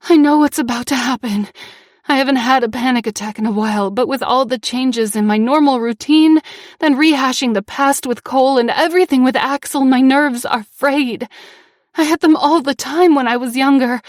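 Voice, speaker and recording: A young woman reading first-person audiobook narration with feeling, moving between tense passages and hushed ones. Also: fairly high pitch, no echo, clean studio sound.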